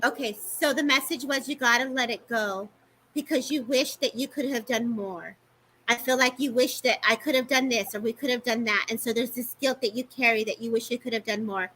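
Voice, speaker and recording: A woman giving a live-streamed psychic reading, talking fast and affectionately to the people she reads, calling them baby and babes. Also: fairly high pitch, bright, forceful tone, slight background noise, low-quality recording. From California. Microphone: live-stream microphone.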